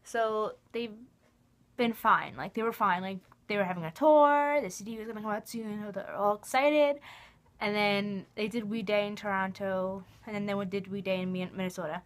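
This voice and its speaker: A woman's voice: medium pitch, moderate pace. A young woman in a casual fan vlog, talking in an emotional, rambling way with lots of "like". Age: young adult. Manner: rambling, emotional, heavy use of "like". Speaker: vlogger.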